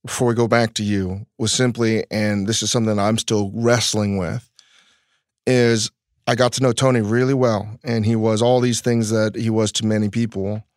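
Halting, reflective male podcast host. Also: fairly low pitch, flat delivery, dry recording, studio quality. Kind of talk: reflective conversation.

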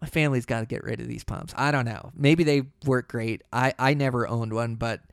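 A man recounts a hunting story in loose, casual talk, leaning on "you know" and "like" as he goes. His voice sits at an ordinary middle pitch and livens up when the action builds. The recording is close and dry, with no room sound. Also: fairly quick, vocal fry, clean tone, dry recording. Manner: rambling, full of "you know" and "like". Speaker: hunter telling a story.

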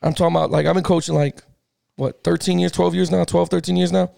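A middle-aged man co-hosting a casual sports podcast. He tells a heated story in an animated, slangy way, repeats himself and laughs often. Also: high-pitched, quick pace, creaky, no room sound, clean studio sound. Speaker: podcast co-host.

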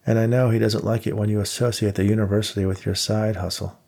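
A dry, sarcastic young woman student, voiced by a male narrator in an audiobook. She is delivered low and gravelly, with little lift from the reader's own voice. Her tone stays flat and unimpressed. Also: fast.

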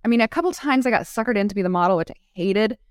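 A woman entrepreneur, a guest on an interview, chats casually and brings her stories to life by acting out quotes and laughing often. Her mid-range voice moves very fast. The recording is dry and studio quality.

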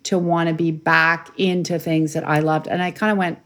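Animated middle-aged woman telling stories. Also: low voice, normal speed. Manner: animated storytelling, acts out her own past lines; laughs often, swears casually. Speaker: guest. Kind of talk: casual interview chat.

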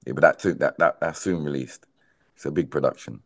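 A man's voice: a bass voice, fairly quick, gravelly. A man from South London with a London accent, a dancehall artist chatting emphatically in an interview and calling people bro and man. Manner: animated, repetitive, emphatic, says "bro" and "man" often. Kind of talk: casual interview chat.

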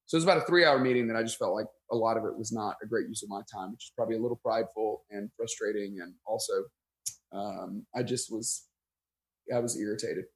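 A man, a pastor guest on a podcast, telling a story in casual conversation, self-deprecating and animated, acting out his own thoughts. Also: lowish voice, fast. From United States.

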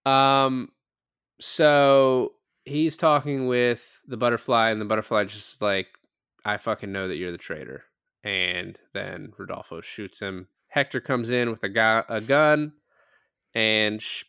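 Low smooth-voiced man, dry sarcastic wit. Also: slow pace, a bit bright, no echo. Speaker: podcast co-host. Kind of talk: casual film review chat.

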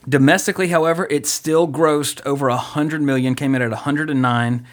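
A man's voice: a little high, fairly even intonation, brisk. Casual male podcast host, rambling. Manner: loose, joking, rambling with frequent fillers. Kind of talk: casual podcast chat about movies.

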